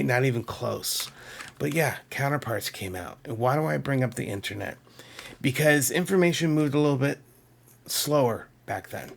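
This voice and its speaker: New guy in his 50s chatting about his cd collection, excited, wanders off topic, laughs at himself. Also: mid-range voice, vocal fry. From Massachusetts. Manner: enthusiastic, rambling, self-deprecating. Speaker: music collector video host. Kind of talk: casual chat showing a CD collection.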